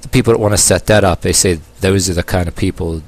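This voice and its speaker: Very deep-voiced man rambling on camera. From United States. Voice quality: long-haired, calls himself a hippie. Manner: halting, many uh fillers and restarts, sarcastic asides. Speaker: vlogger. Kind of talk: rambling opinion monologue.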